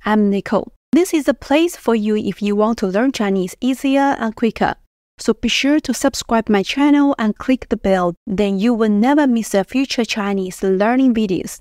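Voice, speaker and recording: A woman teaching Mandarin pronunciation, explaining in short phrases and slowly repeating the example words. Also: a little high, darkish tone, no room sound, clean studio sound. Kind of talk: pronunciation lesson.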